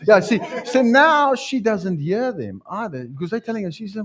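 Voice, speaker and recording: A man's voice: high voice, normal speed. A man preaching a sermon to a congregation, telling stories and calling people up for a live demonstration. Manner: animated storytelling with live demonstration. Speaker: pastor. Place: church before a congregation.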